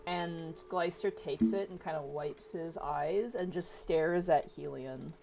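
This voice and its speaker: Slow, low-voiced woman running a game. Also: creaky, faint music behind. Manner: soft, unhurried narration with character voices. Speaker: dungeon master. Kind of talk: narrating a tabletop game.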